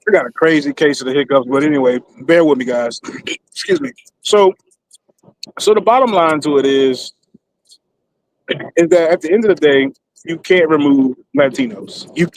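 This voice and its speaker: A man's voice: on the high side, low-quality recording. A man speaking on an online panel debate, hiccuping and repeatedly excusing himself as he makes his point. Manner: keeps saying excuse me through hiccups.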